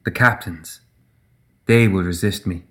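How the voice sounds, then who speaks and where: A man voicing a stern, proud fae queen in an audiobook, speaking with measured, regal gravity. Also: low-pitched, a bit bright.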